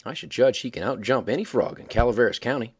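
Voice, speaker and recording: A man reading the part of a boastful frontier gambler with a drawling, careless, folksy way of talking and a husky voice. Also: mid-range voice, fast, natural voice. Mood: easy careless.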